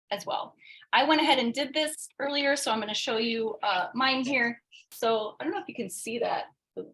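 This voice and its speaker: A woman presenting an interactive coaching workshop over a video call, animated, acting out quoted voices and often checking in with tag questions. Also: fairly high pitch, rough recording.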